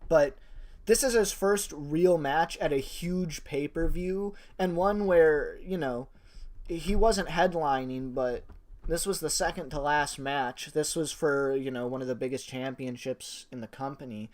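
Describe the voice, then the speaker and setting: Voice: medium pitch, measured pace, darkish tone. A wrestling reviewer talking in a casual spoken review, gushing and rambling with many fillers and restarts, and swearing casually.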